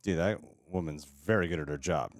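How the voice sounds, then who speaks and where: A man's voice: rumbling low, brisk, very noisy. A man hosting a movie reaction, joking through the film in casual commentary. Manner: wisecracking, animated. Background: film audio playing.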